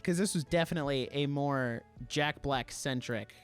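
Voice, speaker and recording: A young man co-hosting a podcast, talking casually and defending his opinions with animated emphasis. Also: mid-range voice, normal speed, clean tone, faint music behind. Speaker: podcast co-host.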